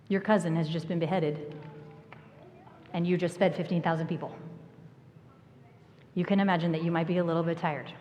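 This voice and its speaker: A woman preaching a sermon, telling the story with lively acted-out lines and sudden hushed asides. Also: fairly low pitch. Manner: animated storytelling, acting out voices and dropping to a whisper. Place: church sanctuary. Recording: long church hall reverb.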